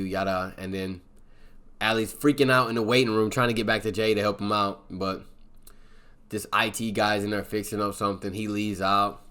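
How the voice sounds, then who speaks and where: A man with a fairly low voice talks through a film's plot in a loose, rambling way. He keeps dropping filler words as he goes, and the whole recap is offhand and casual. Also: level tone, normal speed, fairly bright tone, smooth. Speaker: movie reviewer.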